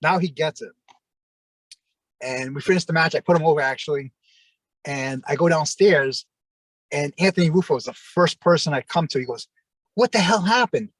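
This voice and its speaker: A man who used to wrestle, telling a backstage story as an interview guest, cursing freely and acting out his own shouts. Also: on the high side, normal speed, pauses often, no room sound, poor audio. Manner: animated, profane, acts out his own shouting.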